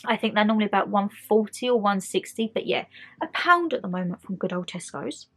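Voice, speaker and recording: A woman's voice: medium pitch, expressive, fairly quick, fairly bright tone, faint music behind. A young woman chatting enthusiastically to camera about her monthly favourites at home. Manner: chatty and enthusiastic, talks straight to viewers. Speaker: beauty and lifestyle vlogger.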